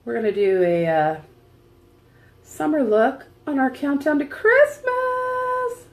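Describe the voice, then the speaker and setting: A woman with a high-sitting voice, big pitch swings and a slow pace chats casually at home while doing her makeup on camera. She's a makeup vlogger and seller, rambling through a laid-back tutorial and laughing often.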